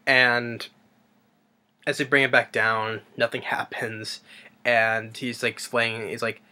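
A man's voice: medium pitch, level tone, takes it slowly, pushed and bright. A man casually retelling a film's plot as a reviewer, rambling and hesitant with many fillers and restarts. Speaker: movie reviewer.

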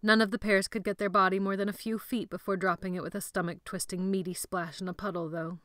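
A woman narrating an audiobook chapter in steady, measured storytelling. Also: medium pitch, no room sound, studio quality.

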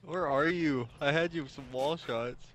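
A man's voice: fairly high pitch, a little slow, fairly bright tone, a little hiss or hum. A man playing against the host, chatting casually and nervously as they play. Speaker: opponent player. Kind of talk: casual gaming chat.

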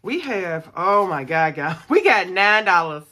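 A woman's voice: fairly low pitch, unhurried. A young woman chatting to her viewers as she counts money and scratches off savings cards. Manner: chatty, animated, talks to viewers as y'all, counts money aloud. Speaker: budgeting vlogger. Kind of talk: casual chat to viewers while scratching off savings.

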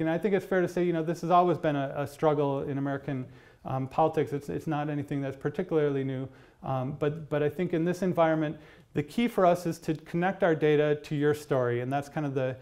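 A man's voice: a little high, a little mellow. A man giving a university lecture on policy advocacy, conversational, with frequent fillers and restarts. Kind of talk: public lecture. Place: lecture hall.

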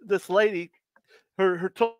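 A man's voice: sits high, fairly even intonation, unhurried, no room sound. A man hosting a casual live stream, reading dad jokes aloud and chuckling at his own punchlines, with loose rambling asides.

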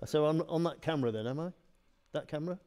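A man's voice: a little high, fast, a little mellow. A man, joking and chatting playfully as a performer in a live demonstration. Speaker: green screen performer.

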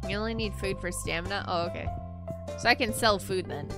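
A woman streamer chatting casually while she plays a game, playful and jokey, reacting out loud. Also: mid-range voice, a little fast, music in the background.

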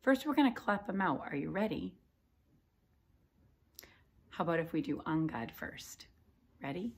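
A woman teacher giving a video lesson to young children in a sing-song, animated way. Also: low voice, a little slow, pauses often, slight background noise.

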